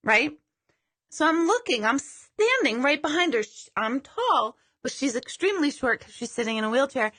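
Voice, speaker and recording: A woman's voice: high-pitched, big pitch swings, moderate pace, fairly bright tone. A woman hosting a live stream as a psychic medium. She chats casually, mocks herself and swears now and then. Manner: chatty, self-deprecating, swears casually.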